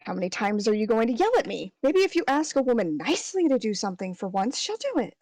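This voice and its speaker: A woman's voice: a little high, big pitch swings, quick pace, darkish tone, dry recording. A woman voicing a brash young female investigator who answers back with sarcasm. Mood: combative. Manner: sarcastic, combative back talk.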